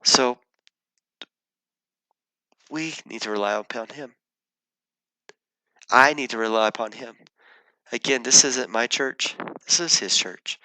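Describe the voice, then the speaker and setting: A man's voice: medium pitch, takes it slowly, long pauses, pushed and bright, no echo, poor audio. A man, a pastor, earnestly telling a personal story in his sermon, often restarting his sentences.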